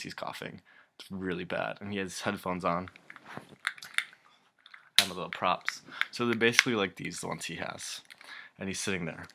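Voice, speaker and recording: A man's voice: low-pitched, creaky, background noise. A young man ranting casually to camera, rambling and exasperated, swearing a lot and often breaking into laughter. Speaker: vlogger.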